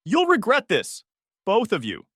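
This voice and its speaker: A man's voice: fairly high pitch, big pitch swings, normal speed, a bit bright, no room sound, clean studio sound, voice pushed up. A man voicing a desperate, manipulative young woman who shrieks and pleads tearfully. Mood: yelling.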